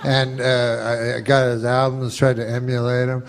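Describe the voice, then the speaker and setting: A male comedian telling a rambling, profane story in a deadpan way, with many fillers. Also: mid-range voice, moderate pace. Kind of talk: stand-up style storytelling.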